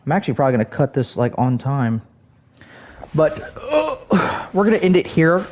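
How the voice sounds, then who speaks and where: A man streaming a video game and rambling to his chat, swearing often and filling every pause with "like". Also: medium pitch, expressive, a little mellow. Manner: rambling, profane, heavy on fillers. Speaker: gaming streamer. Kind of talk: rambling livestream chat while gaming.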